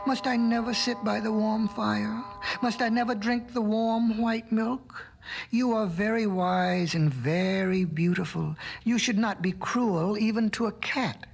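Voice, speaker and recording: A man's voice: sits high, a little slow, gravelly, soft background music, voice pushed up, exaggerated voice. A man voicing a sly, proud male cat who pleads and bargains, from a restored vinyl storybook record. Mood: pleading.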